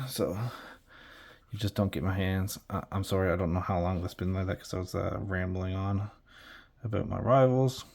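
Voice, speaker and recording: A man with a low, warm voice rambles casually while he paints at his hobby desk. He is playful and chatty, often trailing off mid-thought before circling back. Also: fairly even intonation, normal speed, vocal fry. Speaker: hobby miniature painter, channel host.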